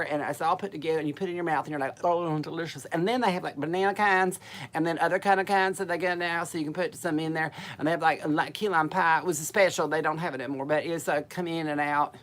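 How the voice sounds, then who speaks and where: A woman from Alabama with a Southern accent, telling rambling, bawdy comic stories in a folksy way. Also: lowish voice. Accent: Southern American, Alabama. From Alabama, USA. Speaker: comic entertainer. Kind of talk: comic storytelling chat.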